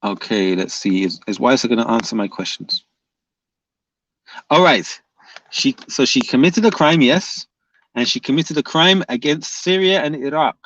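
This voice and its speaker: A man's voice: medium pitch, animated, moderate pace, a bit bright, no room sound. Male livestream host, casual debate, insistent and repetitive, muffled lo-fi mic. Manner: pressing, repeats questions, reads chat aloud. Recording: dull lo-fi dry sound.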